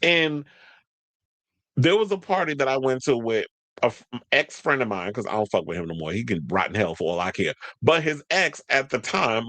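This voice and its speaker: A man with talks gossip on his own channel, sassy and quick with asides. His voice swoops with lots of pitch movement. The sound is dry and close, with little room echo. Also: a bit bright. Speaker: commentary channel host. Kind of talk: casual gossip commentary.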